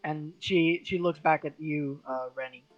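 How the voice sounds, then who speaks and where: A game master narrating a tabletop game in a casual, halting way, with many fillers. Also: medium pitch, fairly even intonation, highs cut off, soft background music.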